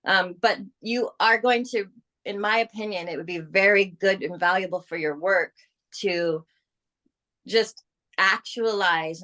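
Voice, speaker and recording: A woman coaching her sales team on a group call, talking with energy and persuasion. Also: medium pitch. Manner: energetic, persuasive, acts out quoted clients.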